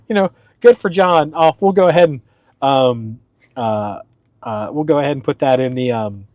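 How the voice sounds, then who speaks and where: A man hosting his own podcast in a casual, rambling way, with frequent fillers and restarts, pitching his voice up a little for the show. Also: no room sound. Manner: talks slightly up for the podcast. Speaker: podcast host. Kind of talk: casual solo podcast talk.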